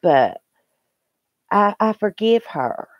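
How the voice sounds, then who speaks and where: A woman's voice: mid-range voice, sing-song, slow pace, dry recording, dull audio. A middle-aged woman, chatting emotionally and ramblingly to viewers in a morning live stream, recorded on her phone.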